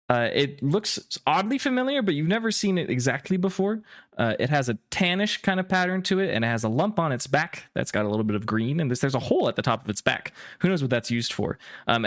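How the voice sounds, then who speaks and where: A man narrates as game master of a tabletop game, painting scenes with filler-laced storytelling. His pitch swings widely. The sound is close and dry. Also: no echo. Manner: descriptive, lively storytelling with many ums.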